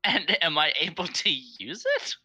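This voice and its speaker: A woman's voice: low-pitched, lively intonation, a little slow, pushed and bright, slightly rough, soft background music. A woman player in a tabletop game, eager and easily startled. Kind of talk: casual game chat.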